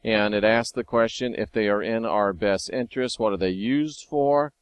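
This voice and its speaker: A man hosting a casual video monologue, talking wryly and sometimes excitedly as he reads and comments on scripture. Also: fairly low pitch, normal speed, smooth, no echo. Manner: conversational, wry, sometimes excited. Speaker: video host.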